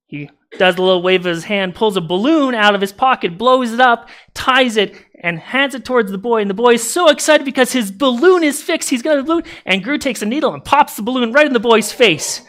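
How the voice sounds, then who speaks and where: A man's voice: very high voice, expressive, brisk, few pauses, fairly bright tone. A man preaching a casual sermon in a church, animatedly retelling a movie plot with asides to the congregation. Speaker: pastor. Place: church sanctuary.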